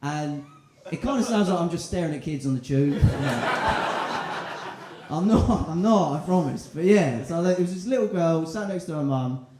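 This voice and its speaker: High-voiced comic in a roomy club. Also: male voice, lively intonation, moderate pace, heavy background noise. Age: 20s. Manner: rambling, crude, self-mocking banter with the crowd. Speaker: stand-up comedian. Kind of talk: stand-up set. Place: comedy club in central London. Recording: roomy club with crowd laughter.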